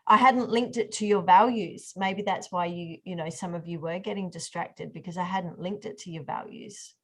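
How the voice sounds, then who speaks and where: A woman's voice: fairly low pitch, moderate pace, fairly bright tone. A woman hosting an online group workshop over a video call, chatty, with many fillers and restarts. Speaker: workshop host.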